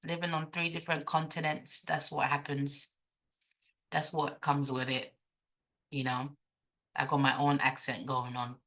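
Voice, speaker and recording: Low, forceful woman with mixed accent. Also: level tone, unhurried, pauses often. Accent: mixed African, British and American. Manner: chatty, talks to herself, swears freely. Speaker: day trader. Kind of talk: casual self-talk during a trading session.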